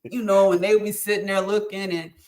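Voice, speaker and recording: A woman's voice: medium pitch, level tone, quick pace, a crowd in the background. A middle-aged woman speaking as a podcast guest, talking earnestly about faith and encouragement with frequent ums. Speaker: podcast guest, host's mother. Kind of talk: casual chat.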